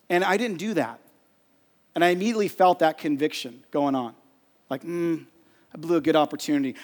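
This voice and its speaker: A middle-aged male pastor preaching from a church stage, telling a self-deprecating story in an animated way. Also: fairly high pitch. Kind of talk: storytelling sermon. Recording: long hall reverb.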